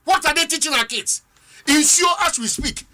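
A man's voice: extremely high pitch, moderate pace, sharp tone. A man with a Ghanaian accent giving impassioned political commentary on a talk show, repeating phrases for emphasis.

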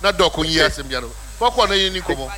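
A Ghanaian man hosts a radio talk show from the studio. His voice sits high and bright. He talks in an animated, playful way and slips freely between languages. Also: fast. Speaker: radio host.

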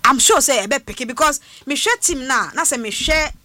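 An animated woman speaks on a radio talk show, switching between English and her local language. Her voice sits high and bright. The studio sound is dry and close. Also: brisk, no echo. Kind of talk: casual radio discussion.

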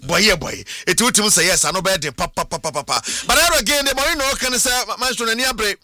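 A man with a Ghanaian accent hosting a radio sports show, animated and playful, sometimes breaking into sung bits. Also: sits high, fast, no echo, studio quality. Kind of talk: sports talk radio, mixing Twi and English.

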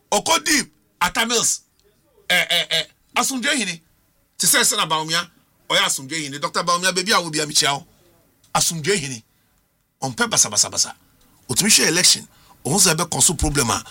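A Ghanaian-accented man argues his point as a panelist on a heated political talk show. His voice sits high and swings widely in pitch. The tone is piercingly bright and edgy, and he switches languages mid-sentence.

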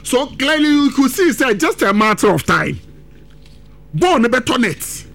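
Animated man analysing football. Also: extremely high pitch. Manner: animated, emphatic, quick switches between languages. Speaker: football pundit. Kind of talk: sports analysis on radio talk show, mixing Twi and English.

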